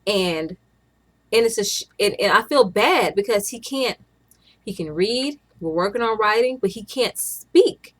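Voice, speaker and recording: A woman's voice: mid-range voice, animated, measured pace, fairly bright tone. A young woman, a stay-at-home mom, chatting casually to camera in a rambling way, often restarting her sentences.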